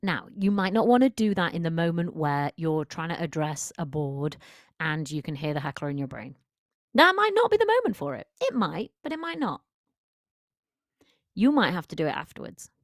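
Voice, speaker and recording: Low-voiced woman coaching, emphatic and direct. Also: very animated, fairly quick, no room sound, studio quality. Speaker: confidence coach. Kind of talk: solo podcast monologue.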